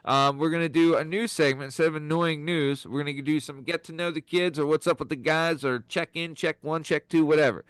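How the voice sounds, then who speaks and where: A man hosting a podcast in casual, joking banter, excitable and freely profane. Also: fairly high pitch, brisk, few pauses, smooth, dry recording. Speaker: podcast host.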